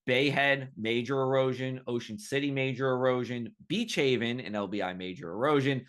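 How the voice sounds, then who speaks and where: A man's voice: mid-range voice, normal speed, a bit bright. A man hosting a weather podcast, talking casually and rambling with lots of fillers. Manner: chatty, rambling, filler-heavy. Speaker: podcast host.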